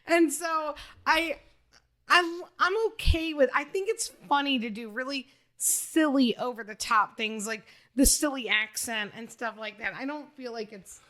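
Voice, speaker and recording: A woman on a podcast panel chatting about movies, animated, laughing often and swearing casually. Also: high voice, measured pace. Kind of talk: casual movie-review chat.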